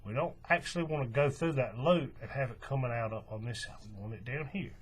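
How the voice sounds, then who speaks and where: A man's voice: mid-range voice, a little fast, slightly rough. A man hosting a hands-on craft tutorial, talking casually step by step while he works with his hands. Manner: relaxed, folksy, talks while working with his hands.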